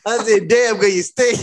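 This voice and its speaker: A man's voice: high voice, slight background noise. A man co-hosting a podcast, telling a loose, profane story and laughing along. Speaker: podcast co-host. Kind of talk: casual storytelling chat.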